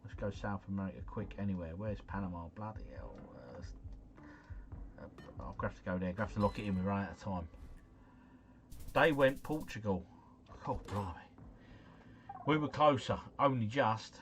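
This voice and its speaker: A man giving live gameplay commentary, chatty and excitable as he talks to his viewers. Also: fairly low pitch, normal speed, a little hiss or hum. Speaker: gaming livestreamer.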